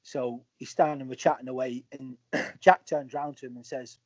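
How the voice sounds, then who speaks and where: A man's voice: mid-range voice, normal speed, dry recording. A man, a former footballer, being interviewed and telling anecdotes in a casual way, acting out the lines of the people in his stories. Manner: animated storyteller acting out quoted dialogue. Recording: slightly muffled, dry audio.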